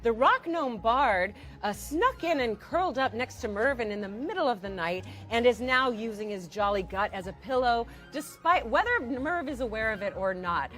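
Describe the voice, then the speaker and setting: A woman narrating a tabletop game as dungeon master, gentle and playful. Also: a little high, expressive, moderate pace, few pauses, soft background music.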